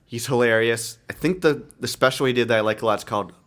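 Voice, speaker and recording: A man's voice: medium pitch, fast talker, fairly bright tone. Chatty man hosting a podcast. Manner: chatty, laughs often, promotes shows. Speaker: podcast host. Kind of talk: casual chat.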